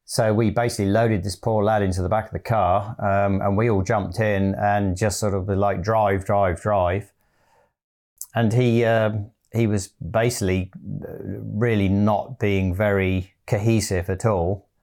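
A man with a very deep voice gives his side of a story in a plain, measured telling. He keeps his pitch flat and even, and he leans on fillers as he goes. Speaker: guest co-storyteller. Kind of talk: personal storytelling.

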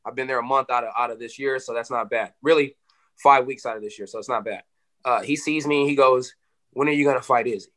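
Man, fighter, fast talker, bright forceful tone, casual interview, animated, swearing. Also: mid-range voice. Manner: animated, swearing, lots of "you know".

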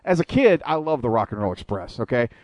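A man's voice: mid-range voice, sing-song, fast talker, no echo. A man hosting a wrestling radio show, ranting with lots of swearing in a casual chat. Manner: profane, ranting storyteller.

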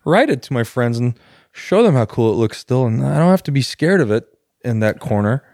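Quick talking dude on a podcast, cracks jokes, dry close sound. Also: male voice, mid-range voice, sing-song, a little mellow, dry recording. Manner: quick wisecracks and joking asides. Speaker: podcast co-host. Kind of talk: casual banter.

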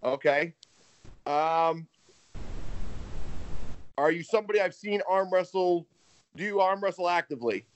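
A man's voice: high voice, unhurried, long pauses, slight background noise. Wisecracking American man on a phone call. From United States. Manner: wisecracking, swears freely. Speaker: phone guest. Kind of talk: casual phone chat. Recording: dull phone-call audio.

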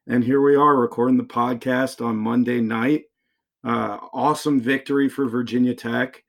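A man's voice: mid-range voice, fairly even intonation, moderate pace, vocal fry. A man hosting a sports podcast, talking with enthusiasm and dramatic flair. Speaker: podcast host.

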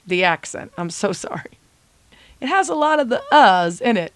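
A woman's voice: fairly high pitch, big pitch swings, normal speed, dry recording. A woman in her thirties hosting her own podcast, talking in a chatty, self-deprecating and enthusiastic way. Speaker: podcast host. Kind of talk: casual solo podcast segment.

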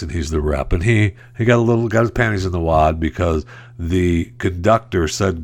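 A man hosts his podcast alone, talking casually about the day's stories. His voice sits very low and deep. He keeps slipping into mocking, sarcastic asides. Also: moderate pace, a little mellow. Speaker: podcast host. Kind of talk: casual solo commentary.

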